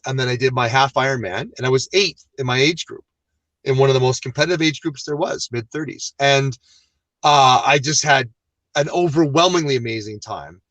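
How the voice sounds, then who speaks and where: A man telling his story on an interview show, lively and a little self-deprecating. His voice sits at an ordinary middle pitch. The room is dry, with almost no echo. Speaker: guest.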